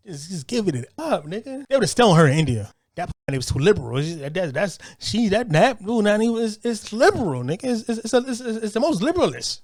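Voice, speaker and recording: A man's voice: sits high, dry recording, clean studio sound. Man hosting a show, loose unscripted rant, trips over his words and keeps laughing. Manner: loose, repetitive, stumbling restarts, frequent laughter. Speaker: show host. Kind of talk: rambling monologue rant.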